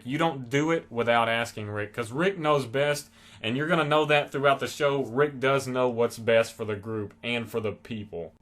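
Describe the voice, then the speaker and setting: Excited young man gushing casually. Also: medium pitch, moderate pace. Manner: enthusiastic, gushing, rambling with many fillers. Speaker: TV episode reviewer.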